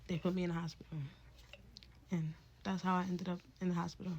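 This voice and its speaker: A woman's voice: on the low side, little pitch movement, fast, a little mellow, dull audio, a little hiss or hum. A woman telling a candid personal story in a casual vlog, rambling and swearing freely.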